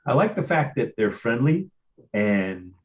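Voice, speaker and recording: A man's voice: medium pitch, sing-song, a little slow, lo-fi sound. A man with a Midwestern accent hosting an interview, chatty and telling stories with frequent stammers and repeats. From Ohio. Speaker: host. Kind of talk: casual interview chat.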